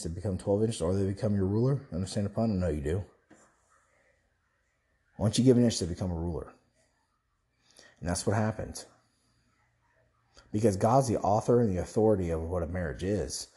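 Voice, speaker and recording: A man's voice: fairly low pitch, dark tone. A young man delivering an impassioned, preachy monologue as a Christian online commentator, rambling, restarting and asking rhetorical questions.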